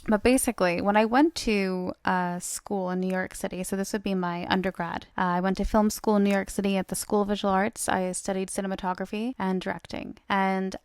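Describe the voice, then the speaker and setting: Chatty woman with a gravelly edge. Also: mid-range voice, fairly even intonation, brisk, few pauses, no room sound, clean studio sound. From United States. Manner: chatty and upbeat, many fillers, laughs often. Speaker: podcast host. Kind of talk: solo podcast monologue.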